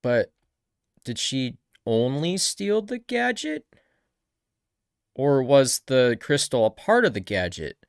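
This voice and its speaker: A man's voice: mid-range voice, very animated, slow pace, long pauses, clean tone, no room sound, studio quality. A man streaming a live reaction, talking casually and rambling with frequent backtracking.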